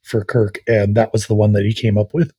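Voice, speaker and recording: A man co-hosting a podcast in casual chat, relaxed, adding trivia and quick jokes. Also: lowish voice, breathy edge, no room sound, studio quality. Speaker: podcast co-host.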